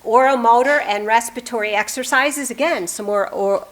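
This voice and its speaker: A woman in her fifties who works as a music therapist gives an upbeat live demonstration talk, coaching a volunteer in front of an audience in a presentation room. Her voice sits a little high and she speaks at a normal speed.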